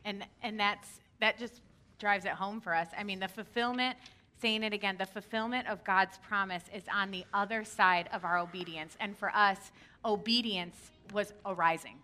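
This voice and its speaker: Female pastor, young adult, lively candid storytelling, bright tone. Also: mid-range voice, normal speed. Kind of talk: sermon.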